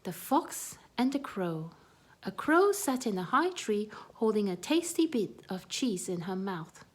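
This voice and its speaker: A woman reading a children's storybook aloud in a soft, gentle manner. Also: medium pitch, very animated, measured pace.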